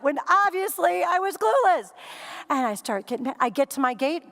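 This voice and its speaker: A woman giving a keynote speech, telling a funny story in an animated way and acting out scenes and quotes for a live audience. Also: high-pitched, normal speed, gravelly. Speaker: keynote speaker. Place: conference stage before a live audience.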